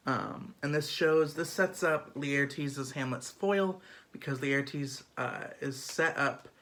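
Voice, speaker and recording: A man talks through a play summary in a loose, chatty way, dotted with fillers and quick acted-out asides. His voice sits at an ordinary middle pitch. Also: a bit bright. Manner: chatty, filler-heavy, lots of "um" and "like". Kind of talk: casual literature summary.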